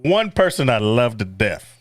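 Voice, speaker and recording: A man's voice: mid-range voice, very animated, a little slow. A man hosting a casual livestream. He reads viewer comments aloud, swears and laughs easily. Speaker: livestream host.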